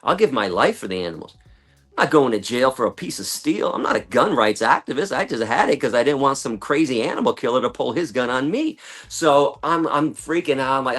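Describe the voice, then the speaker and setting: A man telling a long story in conversation, animated and acting out other people's lines, with casual swearing. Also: medium pitch, a little fast. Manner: animated, acts out quoted voices, swears casually. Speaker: guest, animal rights activist.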